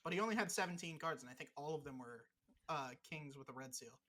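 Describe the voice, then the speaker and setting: A man co-hosting a podcast, trading jokes while he plays a game. He rants in profane, mock-furious bursts, his pitch swinging widely up and down. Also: animated, fast talker, sharp tone. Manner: profane, mock-angry ranting. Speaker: podcast co-host. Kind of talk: casual podcast banter while gaming.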